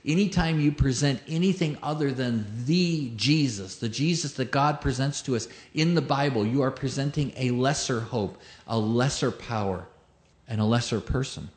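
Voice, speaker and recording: A man's voice: medium pitch, normal speed, a little mellow. A male pastor preaching a sermon, emphatic, stacking repeated phrases and rhetorical questions, and telling a joke as a story.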